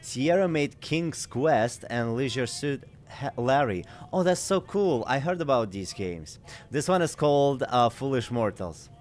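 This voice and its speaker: A man's voice: medium pitch, lively intonation, unhurried, a little mellow. A man giving casual let's-play commentary, chatty and easily amused. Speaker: game streamer. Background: faint game music.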